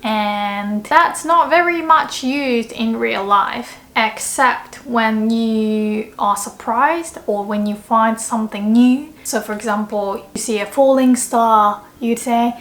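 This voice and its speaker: A woman's voice: fairly high pitch, takes it slowly, few pauses, a bit bright. A young woman teaching in a casual video lesson, playful and laughing often, mimicking cat and anime voices. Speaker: Japanese language teacher.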